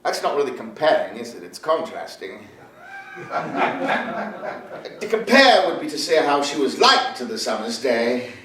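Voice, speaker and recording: A wistful 52-year-old poet, roomy stage. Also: male voice, medium pitch, normal speed, long pauses. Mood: reminiscing. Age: 50s. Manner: animated, reminiscing storyteller. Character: 52-year-old playwright, wistful, lovestruck storyteller. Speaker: stage actor in a one-man play. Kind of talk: theatrical stage monologue. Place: theater stage. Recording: roomy stage sound from a far camera with faint noise.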